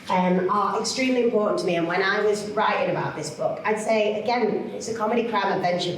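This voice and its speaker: A woman, a children's author chatting to an audience in a lively, self-mocking way. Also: mid-range voice, a little hiss or hum. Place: large hall. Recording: echoey hall from far off.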